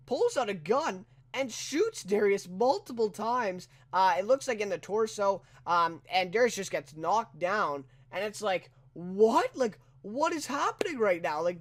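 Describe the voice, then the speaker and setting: A man's voice: high-pitched, fairly bright tone. A man giving a casual, rambling spoken review of a TV episode, full of "you know" and "right?" with incredulous asides.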